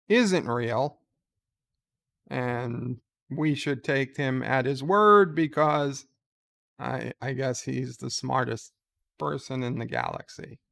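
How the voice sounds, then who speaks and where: A man giving slow, halting casual commentary, reading out posts and answering them with many ums and uhs. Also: medium pitch, gravelly, a bit bright. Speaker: YouTuber reading and answering tweets.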